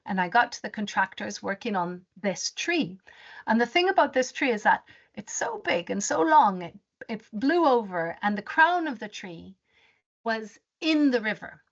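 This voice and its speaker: A woman presenting a webinar as a rainforest advisor. She tells her story in an animated way and often restarts her sentences. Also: a little high, normal speed, vocal fry. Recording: dull lo-fi webinar audio.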